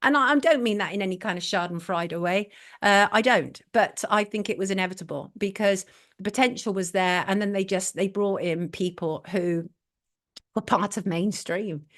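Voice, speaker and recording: A woman's voice: medium pitch, moderate pace. A middle-aged English woman hosting a live online talk show, opinionated and blunt, repeating her points for emphasis and reading out viewer messages.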